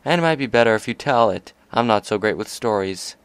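A man's voice: lowish voice, lively intonation, brisk, clear, resonant tone, no room sound, natural voice. A man reading aloud and voicing a cheerful, easygoing male pegasus pony. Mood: jovial.

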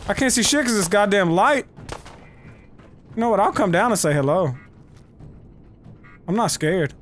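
A man giving profane, excitable let's play commentary, yelling at enemies as he plays. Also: sits high, moderate pace, faint music behind. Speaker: gaming video host.

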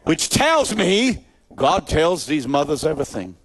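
A man preaching his testimony as a dramatic storyteller, swinging between loud, high emphasis and quiet, low asides before a live audience. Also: big pitch swings, unhurried, gravelly, dry recording. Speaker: evangelist telling his testimony.

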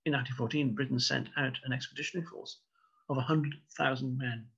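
Gravelly man giving a history lecture. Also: medium pitch, steady tone, a bit bright. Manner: measured, storytelling, wry asides. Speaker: local historian giving a talk. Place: indoors, online broadcast talk. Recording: dull lo-fi recording.

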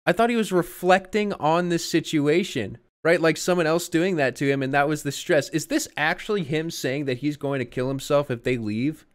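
A man's voice: a little high, normal speed, hardly any pauses. Profane young man ranting about songs. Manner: profane, incredulous, rants with sudden loud outbursts. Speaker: music reviewer streamer. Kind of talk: casual reaction commentary. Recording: song playing faintly behind.

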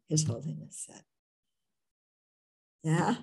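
Woman teacher from the United States, unhurried, slightly husky, restarts her sentences as she thinks. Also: medium pitch, a little mellow. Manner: thoughtful, halting, with many restarts. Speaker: Buddhist nun teacher. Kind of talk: Q&A talk telling a story.

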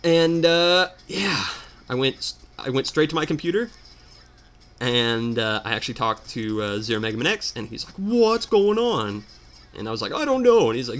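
A man doing casual gameplay commentary, telling a story as an animated, exasperated rant. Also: fairly high pitch. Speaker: let's player.

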